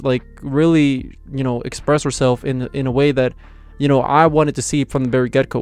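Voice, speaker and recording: A young man talks through a manga chapter in a loose, rambling review, with plenty of fillers and restarts. His voice is smooth and clear at an ordinary middle pitch. Faint music plays behind him. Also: darkish tone. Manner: rambling, filler-heavy, enthusiastic. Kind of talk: casual video review.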